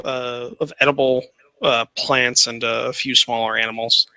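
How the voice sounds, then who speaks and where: A man's voice: mid-range voice, little pitch movement, moderate pace, bright, forceful tone, dry recording, rough recording. A man running a tabletop game as game master, narrating with frequent hesitations and fillers.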